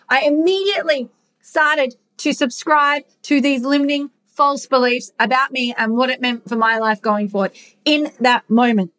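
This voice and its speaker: A woman's voice: on the high side, a bit bright. Woman podcaster, personal storytelling, frank and casual, swears a lot, earnest. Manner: earnest, encouraging to listeners. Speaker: podcast host.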